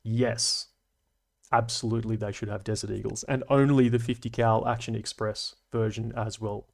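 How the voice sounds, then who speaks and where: A man's voice: lowish voice, level tone, moderate pace, vocal fry, a little mellow. A man with an Australian accent hosting a casual livestream, reading viewer comments aloud and answering them in a chatty, analytical way with dry asides and slang. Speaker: livestream host.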